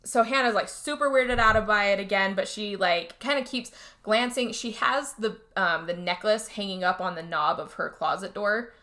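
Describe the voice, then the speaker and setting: A woman casually retelling a movie plot on a podcast, chatty and animated, jumping into higher voices for the characters. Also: moderate pace. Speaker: podcast co-host. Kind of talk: casual movie recap chat.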